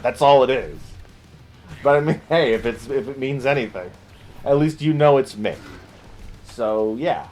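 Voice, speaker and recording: A video creator with a lowish voice talks to viewers in a casual, unscripted vlog, rambling, poking fun at himself, and often laughing and swearing. There's a slight hiss or hum in the recording.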